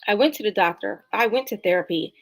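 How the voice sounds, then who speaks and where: A middle-aged woman from New Jersey, a talk show guest, telling her personal story in an animated, emphatic way. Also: medium pitch, fast, rough recording. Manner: animated, emphatic, acts out dialogue. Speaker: interview guest.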